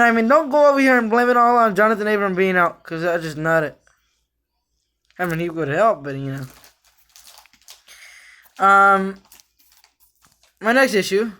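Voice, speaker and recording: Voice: medium pitch, sharp tone. A sports fan vlogger giving a casual, rambling rant about the team, repeating themselves in frustration with lots of fillers and restarts.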